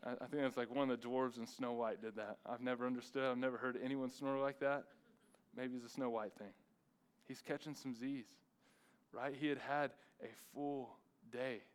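A man's voice: mid-range voice, fairly even intonation, normal speed, clean tone, low-quality recording. A man, the lead pastor, preaching a sermon with emphatic repetition and rhetorical questions.

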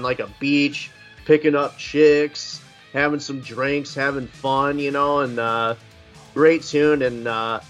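A man's voice: on the high side, a bit bright. A man co-hosting a casual music podcast, laid-back and rambling, often saying "like" and "man". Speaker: podcast co-host. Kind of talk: casual chat about music.

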